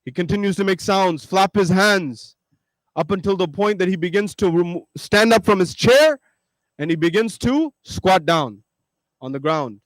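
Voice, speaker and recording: A male preacher tells a parable-like story to a congregation, repeating phrases for emphasis and calling out to his listeners. His voice is high for a man, and the recording is dry and close with no room sound. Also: animated, normal speed, no room sound, low-quality recording. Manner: emphatic, repetitive, addresses listeners directly. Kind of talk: storytelling sermon.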